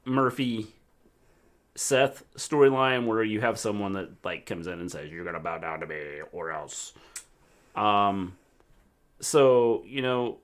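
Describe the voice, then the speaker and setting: A middle-aged man co-hosting a casual wrestling chat stream, relaxed and repeating himself as he talks. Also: medium pitch. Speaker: co-host, her father.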